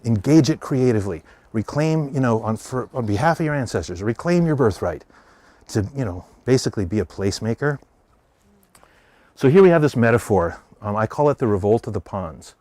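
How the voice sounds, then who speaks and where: Animated American man giving a talk. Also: medium pitch, no echo. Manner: animated storyteller, voicing characters in quotes. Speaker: speaker. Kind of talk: public talk.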